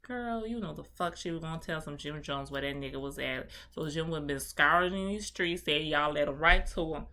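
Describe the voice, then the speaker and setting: A woman giving a sassy, animated recap of a reality show, acting out the people she quotes. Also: deep voice, moderate pace, hardly any pauses. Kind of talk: casual recap commentary.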